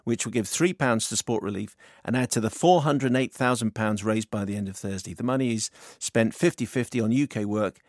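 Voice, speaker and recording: A man's voice: lowish voice, a little mellow, no room sound, clean studio sound. A British man presenting a radio show in casual chat, reading out listener emails. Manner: brisk, reads listener emails. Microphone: studio microphone.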